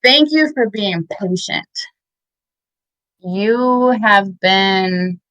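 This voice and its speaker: A woman in her thirties giving tearful, heartfelt shout-outs in an interview, halting with many fillers. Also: mid-range voice, animated, no room sound, rough recording. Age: 30s. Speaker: interview guest.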